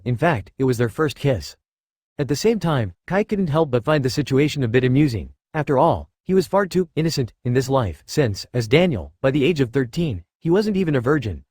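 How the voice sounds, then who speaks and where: A man reads a web novel aloud in a steady, even audiobook narration at a middle pitch. The sound is dry and close, with no room echo. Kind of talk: scripted narration.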